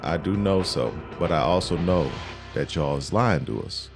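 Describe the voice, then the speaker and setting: A male player voicing his character with a very deep voice. He talks slowly and coaxingly, with a calm menace, over faint music. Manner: slow, coaxing, quietly menacing. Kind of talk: in-character tabletop role-play.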